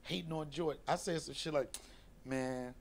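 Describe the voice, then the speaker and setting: A middle-aged man, a comedian and host, telling profane stories in casual talk and acting out scenes with loud bursts. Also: a little high, steady tone, fast, gravelly, slight background noise. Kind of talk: casual storytelling.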